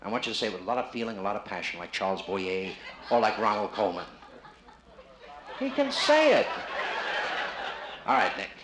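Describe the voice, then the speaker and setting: A man's voice: fairly low pitch, racing, crowd noise. A man doing live stand-up comedy, teasing a man from the audience with wisecracks. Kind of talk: live stand-up with crowd work. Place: casino showroom stage. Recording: live 1960s vinyl, roomy and noisy. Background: audience laughter.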